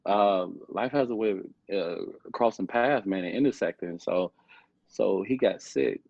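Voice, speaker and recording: Deep husky young man telling his story. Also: a little slow, a little mellow, no echo. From Chicago. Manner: rambling, repeats himself, peppers speech with "man". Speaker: podcast guest. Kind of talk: casual storytelling interview. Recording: muffled lo-fi podcast audio.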